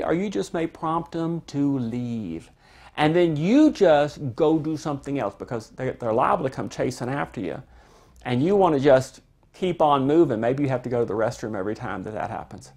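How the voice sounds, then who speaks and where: Calm, conversational parenting instructor. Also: mid-range voice, moderate pace. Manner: calm, conversational, explains with everyday examples. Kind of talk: instructional talk to camera.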